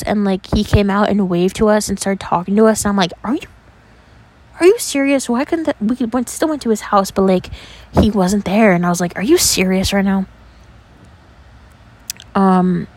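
A young woman from New York tells stories on her podcast in a loose, chatty way. She peppers every sentence with "like" and lets the odd curse slip. Her delivery is animated and conversational. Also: medium pitch. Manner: chatty, animated, heavy use of "like", casual swearing. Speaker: podcast host. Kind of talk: casual storytelling.

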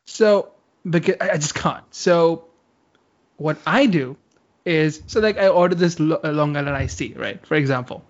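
A man's voice: fairly high pitch, normal speed, muffled recording. A man co-hosting a casual chat, explaining his view at length with lots of fillers. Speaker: podcast co-host.

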